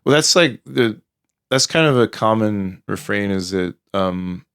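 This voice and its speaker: A man's voice: on the low side, unhurried, clean tone, no room sound, clean studio sound. A man co-hosting a podcast, telling stories in a rambling casual way with many fillers. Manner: rambling, many fillers and restarts, animated storytelling. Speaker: podcast co-host. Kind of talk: casual conversation.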